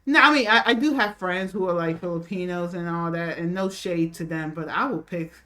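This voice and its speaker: A woman's voice: on the low side, brisk, bright, forceful tone. A woman co-hosting a casual chat show, talking loosely with many fillers and restarts. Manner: chatty, lots of fillers and restarts, laughs often. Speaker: co-host. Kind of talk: casual chat reacting to a video.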